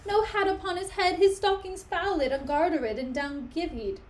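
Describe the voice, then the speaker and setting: A woman's voice: extremely high pitch, steady tone, moderate pace, a little mellow, voice pushed up. A woman reading as a frightened young noblewoman. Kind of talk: dramatic reading of a play.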